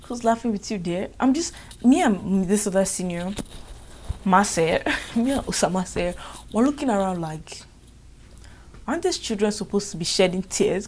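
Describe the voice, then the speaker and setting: A young woman with a Nigerian accent tells a storytime vlog, lively and exasperated. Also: medium pitch, normal speed, slight background noise. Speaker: vlogger.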